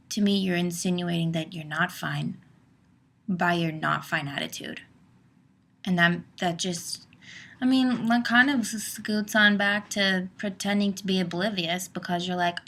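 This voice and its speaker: Young woman, vlogger, casual rant, exasperated, filler-heavy, gravelly fry. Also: medium pitch, a bit bright. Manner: chatty, exasperated, lots of fillers.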